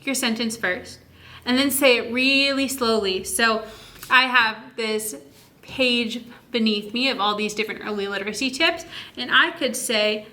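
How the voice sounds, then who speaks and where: This woman's fairly high, bright, pushed voice guides parents through early literacy lessons on video. She encourages them warmly, as a teacher would, drawing words out slowly so their sounds come through.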